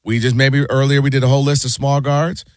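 A man co-hosting a casual sports talk show, animated and quick to act out what people said. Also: mid-range voice, no room sound. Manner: animated, acts out quotes in put-on voices.

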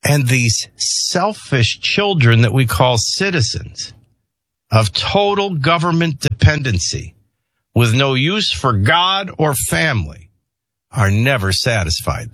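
A middle-aged man hosting a show, rambling between personal stories and opinion rants in an animated way. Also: mid-range voice, takes it slowly, no echo. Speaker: host. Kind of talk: opinion monologue with storytelling.

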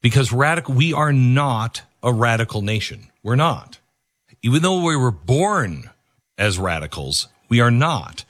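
Emphatic, lively-voiced male commentator. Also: mid-range voice, a little slow, no echo, clean studio sound. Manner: emphatic, repeats phrases, frequent fillers. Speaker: political commentator. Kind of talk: opinion monologue.

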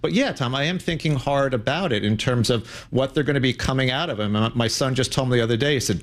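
A middle-aged man talking as a guest on a radio show, in a measured, conversational, plain-spoken way. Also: mid-range voice. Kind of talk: casual radio interview.

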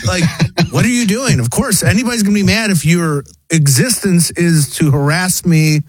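A man's voice: high voice, moderate pace, slightly rough, no room sound. A man co-hosting a casual talk show, explaining and correcting details and mimicking what people say. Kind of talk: casual commentary chat.

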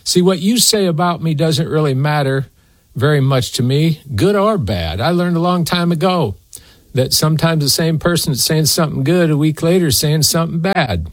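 A man's voice: on the high side, animated, moderate pace, no echo. A man preaching a sermon in a folksy, emphatic way, often turning to address a co-host by name.

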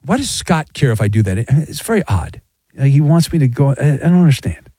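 A man's voice: mid-range voice, sing-song, brisk, mellow, slightly rough, dry recording, clean studio sound. A man hosting a late-night sports radio show, talking to callers in a teasing, playful way.

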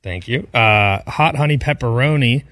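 A man's voice: mid-range voice, moderate pace, fairly bright tone, no echo. A man on a radio show's crew chatting casually and wryly, chuckling as he talks. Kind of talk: casual studio banter.

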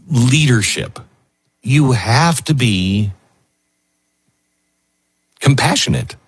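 A man hosts a talk show with a husky, lowish voice, talking emotionally and musing aloud with hesitant fillers. His pitch swings widely as he goes. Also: sing-song, a little slow, pauses often, dry recording. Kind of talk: casual commentary.

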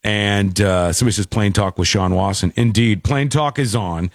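A man hosting a podcast, retelling a story in a joking, animated way. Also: on the low side, moderate pace, dry recording, clean studio sound. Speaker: podcast host. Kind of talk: casual chat.

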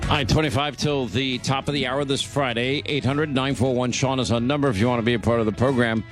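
A man's voice: mid-range voice, steady tone, soft background music. A man with a New York accent hosting a talk radio show, joking and teasing his co-host in casual banter. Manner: joking, teasing, quick asides.

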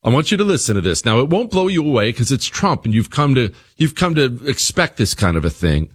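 A man's voice: medium pitch, sing-song, a little fast, husky. Emphatic male radio host. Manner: emphatic, repeats phrases for stress. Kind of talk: opinion radio monologue.

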